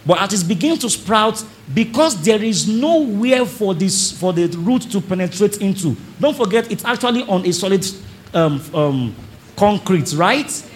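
Animated man preaching. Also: high voice, a little slow, a little hiss or hum. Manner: animated preaching, acts out congregants, calls on the audience. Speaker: pastor. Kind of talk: sermon. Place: church service before a congregation.

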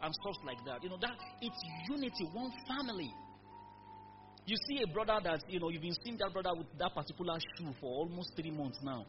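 Animated and a little fast, a high-pitched pastor preaches a sermon in church, urging the congregation to repeat his words in emphatic call-and-response. Music plays behind the dull recording.

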